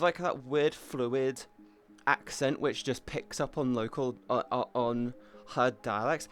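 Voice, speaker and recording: A man's voice: mid-range voice, a bit bright. A young British man streaming from home, rambling casually and chatting with viewers, now and then swearing. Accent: British English. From Britain. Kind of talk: casual live-stream chat.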